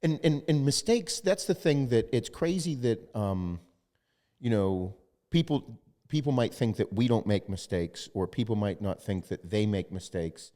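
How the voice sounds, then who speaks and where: A man hosting a podcast in casual chat, animated and profane, acting out what other people say. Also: lowish voice, measured pace, long reverb tail. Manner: animated, profane, acts out quoted voices. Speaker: podcast host.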